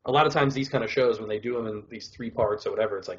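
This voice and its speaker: A man's voice: fairly low pitch, very fast, highs cut off. A man co-hosting a podcast, chatting casually and rambling with lots of filler words. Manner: rambling, full of "like" and "whatever". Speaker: podcast co-host. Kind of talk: casual chat reviewing shows.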